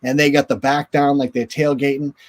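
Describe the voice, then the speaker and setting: A man's voice: mid-range voice, little pitch movement, a little fast. A man, a former hockey goaltender, telling a long story casually as an interview guest and acting out the voices of the people in it. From northern United States.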